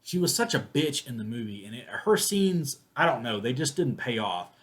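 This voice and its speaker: A man's voice: mid-range voice, very animated, normal speed, a bit bright. A man giving a casual, rambling spoken movie review, full of restarts and fillers. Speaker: film reviewer.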